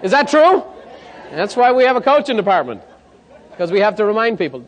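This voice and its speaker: A fairly high-voiced man works a seminar crowd as a sales coach. He tells lively stories and keeps checking that his audience follows. His voice rings out with the long reverb of a hall. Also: a little fast. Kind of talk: live seminar talk.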